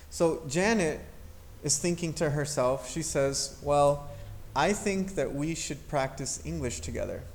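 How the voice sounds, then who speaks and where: Male English teacher, slightly high voice, patient explainer who demonstrates intonation. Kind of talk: grammar lesson.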